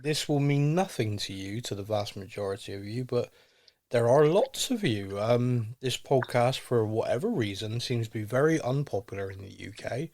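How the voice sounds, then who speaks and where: A male podcast host with a voice of ordinary pitch, chatting casually with a co-host. He rambles, jokes and often turns to thank and address his listeners. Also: animated, normal speed, darkish tone. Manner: jokey, rambling, talks to listeners directly.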